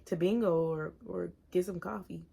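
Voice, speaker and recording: A woman in her thirties talking openly in a personal vlog, earnest and halting, at times giving direct advice to viewers. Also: fairly low pitch, fairly even intonation, gravelly, mellow, slightly rough. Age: 30s. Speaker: single mom vlogger.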